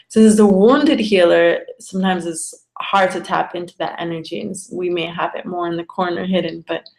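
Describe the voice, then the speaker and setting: Chatty woman astrologer, low voice. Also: vocal fry. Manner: chatty, frequent fillers like "you know" and "like". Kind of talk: casual live-stream explanation.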